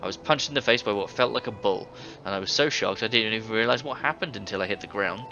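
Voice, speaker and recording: A man's voice: lowish voice, quick pace, over music, lightly acted. A man voicing a boastful middle-aged ex-thief. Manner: boastful, hearty storytelling. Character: older male ex-thief, boisterous tavern storyteller. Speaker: game character. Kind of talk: video game voice acting. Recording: dull game audio with faint hiss.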